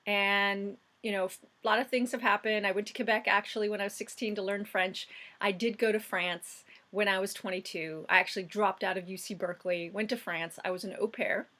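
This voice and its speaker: A woman in her forties talks straight to camera in a casual vlog, her pitch sitting in the middle of the range. She reminisces in a chatty way, with little fillers and restarts. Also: fairly even intonation, fairly quick, pushed and bright. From United States. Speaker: vlogger.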